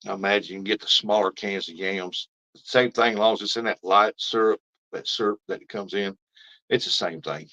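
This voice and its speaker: A man with a lowish, pushed, bright voice talks a little fast while hosting a live fishing stream, casually rambling as he reads viewer comments aloud. The stream audio is dull and lo-fi.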